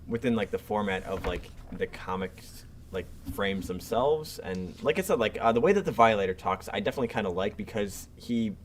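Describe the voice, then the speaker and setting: A man's voice: on the low side, lively intonation, fairly quick, noisy background. A man co-hosting a casual comics chat on a live stream, rambling with lots of fillers and dry jokes. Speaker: co-host.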